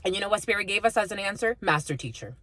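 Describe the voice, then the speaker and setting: A woman's voice: medium pitch, racing, no echo. A woman giving a casual spiritual reading to camera, blunt and swearing freely, often breaking into laughter and calling her viewers "my lovies". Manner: animated, laughs often mid-sentence. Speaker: spiritual reader and channeler.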